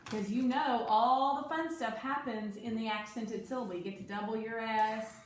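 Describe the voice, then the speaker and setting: Brief: woman tutor, higher voice, patient, drags out key words; very echoey room with faint hiss. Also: steady tone, moderate pace. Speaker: teacher. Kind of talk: one-on-one phonics lesson.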